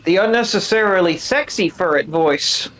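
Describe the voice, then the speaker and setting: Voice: medium pitch, expressive, normal speed, a bit bright, slight background noise, low-quality recording. A stream co-host making short, dry quips in casual chat.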